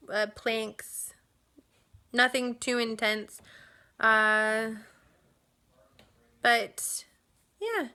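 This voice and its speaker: A young woman chatting casually as a vlogger about new motherhood, upbeat and relaxed with fillers and small laughs. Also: on the high side, clean tone. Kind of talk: casual chat. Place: home nursery.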